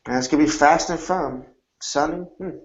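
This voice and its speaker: A man's voice: on the high side, normal speed. A man chatting casually as a horse racing handicapper, hesitant and full of restarts. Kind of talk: casual roundtable chat. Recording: dull lo-fi recording.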